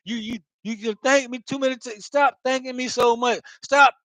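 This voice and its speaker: An irritated sister, as a man puts her on, voiced higher and pushing back against too much thanks. She sounds annoyed and exasperated. The recording is dry and close. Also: moderate pace, no echo. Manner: irritated, telling someone to calm down.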